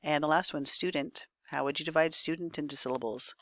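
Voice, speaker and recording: A woman's voice: sits low, fairly quick, fairly bright tone, no room sound, studio quality. A woman teacher giving a recorded spelling lesson, thinking aloud patiently and checking in with her students.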